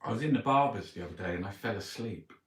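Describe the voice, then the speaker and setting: In a rambling, casual monologue, a middle-aged man with a Cockney accent reviews a newspaper while grumbling and swearing to himself. His pitch is fairly low, his intonation lively, and he talks quickly. Background noise and a roomy feel come through the distant mic.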